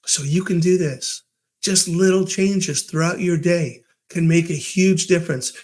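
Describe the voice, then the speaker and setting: Upbeat chatty man, fairly high voice. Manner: upbeat, storytelling with acted quotes; chatty with fillers and restarts. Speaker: podcast host. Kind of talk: casual motivational talk.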